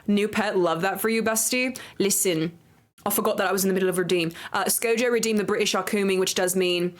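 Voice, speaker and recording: Bubbly woman streamer, playful baby talk. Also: a little fast. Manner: squeals up high when excited. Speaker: livestreamer. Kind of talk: casual gameplay chat.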